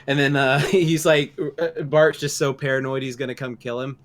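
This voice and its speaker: A man's voice: mid-range voice, normal speed. A young man co-hosting a podcast, chatting casually and retelling scenes with lots of laughter. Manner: laughing, animated storytelling. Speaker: podcast co-host. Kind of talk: casual chat.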